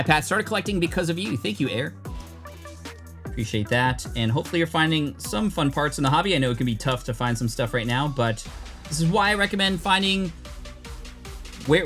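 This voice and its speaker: Excited man hosting a card-opening stream. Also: a little high. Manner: chatty, thanks viewers, bursts into loud excitement over pulls. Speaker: host. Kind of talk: live-stream card opening, chatting with viewers.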